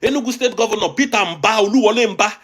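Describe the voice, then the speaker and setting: A man's voice: high-pitched, quick pace, fairly bright tone, husky. A man with a Nigerian accent giving emphatic, agitated political commentary as an online show host, often repeating phrases. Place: abroad, recording a video.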